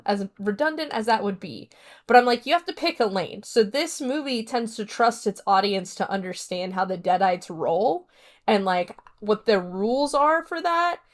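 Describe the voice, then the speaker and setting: Chatty woman podcaster rambling. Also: on the high side. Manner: chatty, rambling, many "like" fillers; retells scenes by acting out quotes. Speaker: podcast host reviewing a horror film. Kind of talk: casual solo podcast chat.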